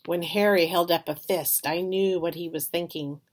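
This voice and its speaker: Woman reading a kids chapter book out loud, lowish voice, expressive. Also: moderate pace, few pauses, slightly rough. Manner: expressive, storytelling. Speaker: reader.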